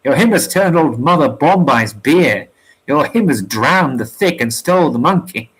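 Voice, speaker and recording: A man reading aloud, voicing a proud, cocky sailor who scorns his rival in rough sailor's slang. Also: fairly high pitch, animated, normal speed, poor audio. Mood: scornful boasting. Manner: rough sailor's slang, mocking put-downs. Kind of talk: storybook reading.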